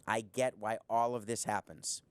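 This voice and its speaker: A man's voice: lowish voice, flat delivery, moderate pace, smooth, dry recording. Middle-aged male host, punchy and sarcastic commentary monologue, dry studio sound. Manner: sarcastic, emphatic, talks straight to the viewer. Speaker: show host, former team owner. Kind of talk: opinionated sports commentary monologue.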